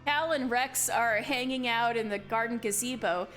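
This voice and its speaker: A young woman streamer with a higher, fairly bright voice reads a visual novel aloud, delivering the dialogue slowly and dramatically. She swears and laughs in asides as she comments, with faint music behind her.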